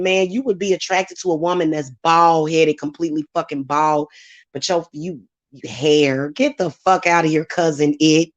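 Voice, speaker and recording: A woman's voice: fairly low pitch, no echo, highs cut off. A woman hosting her channel, ranting heatedly and profanely at commenters in a live-stream vlog. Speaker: channel host and spiritual reader. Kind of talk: live-stream rant to viewers.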